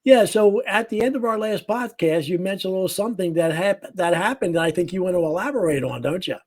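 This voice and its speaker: A man hosting a podcast, opening with easygoing, halting remarks and questions. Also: sits high. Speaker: podcast host. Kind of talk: casual interview chat.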